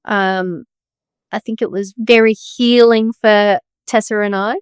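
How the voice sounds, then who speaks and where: A woman's voice: mid-range voice, steady tone, takes it slowly, clear, resonant tone, no echo, studio quality. A woman co-hosting a casual podcast, talking about her travels in a laid-back, easygoing way. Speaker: podcast co-host. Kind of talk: casual chat.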